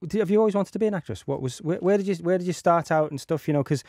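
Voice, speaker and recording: Gravelly chatty podcast host. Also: male voice, high voice, rapid-fire, darkish tone, dry recording, studio quality. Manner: chatty, many fillers like "you know". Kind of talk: casual interview chat.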